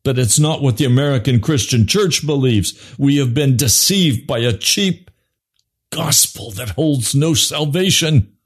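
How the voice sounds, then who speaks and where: A man preaching an impassioned sermon, swinging from low grave tones to high urgent pleading. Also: lively intonation, measured pace, slightly rough.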